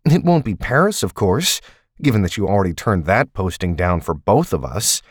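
A man's voice: on the low side, very animated, normal speed, husky, dry recording, clean studio sound. A male narrator voicing a tense, blunt ex-agent who speaks tersely and coolly. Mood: frustrated. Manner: terse, cool and cutting. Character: tense, blunt man, fed-up ex-field agent partner.

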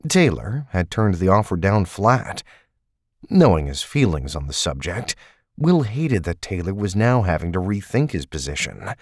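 Deep voiced guy reading a novel, lively inflection, close mic. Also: moderate pace, dry recording. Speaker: audiobook narrator. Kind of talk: scripted novel narration.

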